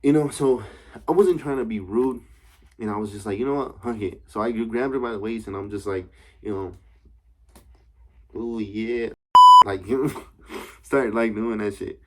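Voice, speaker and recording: Talking to camera for a casual story time, a young male vlogger rambles in slangy, profane language and constantly asks his listeners "you know what I'm saying." His voice is on the low side and a bit bright, at a moderate pace with frequent pauses, and the recording carries a little hiss or hum.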